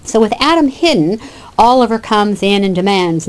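A woman's voice: medium pitch, lively intonation, moderate pace. A woman teacher giving a lecture that explains a classic play scene by scene. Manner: explanatory, with fillers and restarts. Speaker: literature teacher.

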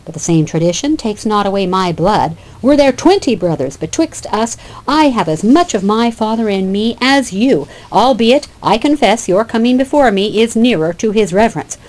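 A woman's voice: medium pitch, expressive, moderate pace, hardly any pauses, a little mellow, natural voice, poor audio. A woman reading as a sarcastic young hero. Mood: indignant. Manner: reading old verse aloud, sarcastic.

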